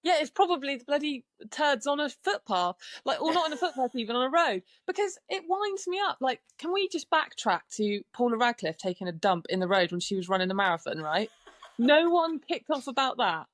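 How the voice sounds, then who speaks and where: A woman guesting on a podcast, telling animated stories, swearing casually and acting out what people said. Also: high voice, a little fast, dry recording. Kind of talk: casual storytelling chat. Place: podcast studio.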